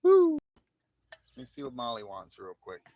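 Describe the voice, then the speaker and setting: A man's voice: fairly low pitch, quick pace, a bit bright, no echo. Chatty man live from outdoors. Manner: chatty, laughs often, jokey put-on voices. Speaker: livestream host. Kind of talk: casual chat to live viewers. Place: outdoors in morning sun. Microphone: phone.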